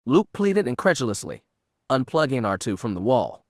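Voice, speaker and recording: A man narrating an audiobook with steady, even storytelling. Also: mid-range voice, normal speed, dry recording, studio quality.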